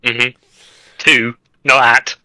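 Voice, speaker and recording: A man's voice: mid-range voice, level tone, extremely slow, bright, forceful tone, dry recording, rough recording. A man playing a tabletop game, joking around and asking about the rules. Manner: playful, jokey, repeats words. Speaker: player. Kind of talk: casual tabletop game play.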